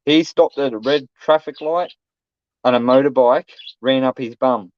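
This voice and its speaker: A man's voice: medium pitch, normal speed, no room sound. A middle-aged Australian man telling a story in casual chat, blunt and swearing, acting out what people said. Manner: blunt, swearing, acts out quotes loudly. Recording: dull, dry lo-fi sound.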